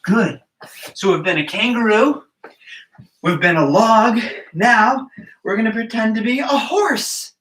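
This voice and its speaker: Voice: mid-range voice, a little slow, long pauses, a bit bright. A gymnastics coach leading a children's movement class, counting aloud and encouraging small children and their parents. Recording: roomy, distant from the mic.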